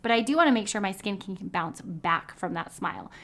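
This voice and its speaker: A woman's voice: medium pitch, animated, a little fast, fairly bright tone. A woman in her thirties, a dietitian hosting her own podcast, talking in an upbeat, chatty way and laughing easily. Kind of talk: casual podcast monologue.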